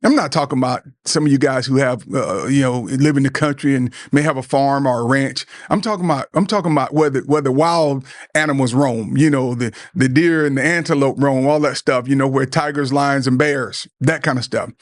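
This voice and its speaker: A man's voice: medium pitch, fairly quick, no echo, studio quality. A middle-aged man hosting a show, giving an earnest motivational talk to other men, repeating words and acting out what friends might say. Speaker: podcast host.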